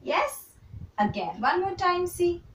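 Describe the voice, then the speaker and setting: Slow, sing-song woman teacher. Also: very high-pitched, big pitch swings, far from the mic, slight background noise. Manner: slow, repetitive, encouraging drills for small children. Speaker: kindergarten teacher. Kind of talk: online handwriting lesson for young children. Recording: roomy echo, voice a little off the mic.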